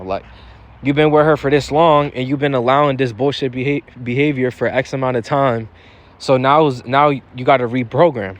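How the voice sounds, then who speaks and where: A young man talks straight to his viewers in a casual advice vlog. His voice sits at an ordinary middle pitch. His delivery is blunt and profane, and he restarts and repeats phrases as he drives his points home. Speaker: dating advice vlogger. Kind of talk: casual advice monologue to camera.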